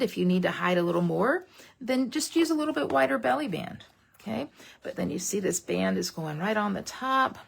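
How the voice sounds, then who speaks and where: A woman's voice: mid-range voice, vocal fry, slight background noise. A woman demonstrating a papercraft project in a casual, folksy tutorial livestream, chatting straight to her viewers.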